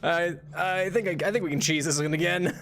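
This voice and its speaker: A man's voice: fairly high pitch, fairly even intonation, a little fast, a bit bright, slight background noise. A young man streaming a video game, chatting casually and rambling with lots of restarts and laughs. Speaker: VTuber streamer. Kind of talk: casual gameplay commentary.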